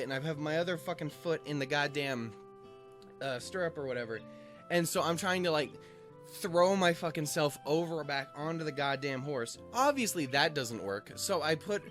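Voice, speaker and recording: Young male host, slightly high voice, profane self-mocking storyteller, faint music in background. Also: a bit bright. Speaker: host reading a visual novel. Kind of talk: casual rambling storytelling.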